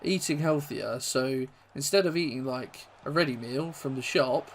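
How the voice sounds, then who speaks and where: A young man from England casually commentating his own football video game, rambling between plays and shouting when goals go in. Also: medium pitch, normal speed, slight background noise. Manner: chatty, rambling, bursts into excited goal shouts. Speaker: gaming YouTuber.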